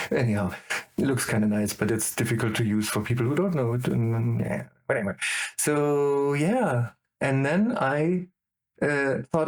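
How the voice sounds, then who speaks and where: Man, German accent, middle-aged, podcast guest, rambling, excitable, mid pitch. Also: breathy edge. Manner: rambling, excitable, full of tangents. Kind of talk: casual chat.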